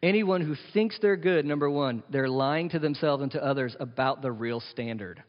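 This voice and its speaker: A man's voice: mid-range voice, normal speed, few pauses. A male pastor preaching an emphatic sermon, full of rhetorical questions and playful asides. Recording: echoey hall, dull lo-fi sound.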